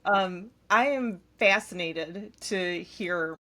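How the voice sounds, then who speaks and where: A woman hosting a podcast, asking questions and cheering her guest on in relaxed, playful banter. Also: fairly low pitch, slow pace. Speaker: podcast host. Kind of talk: casual podcast conversation.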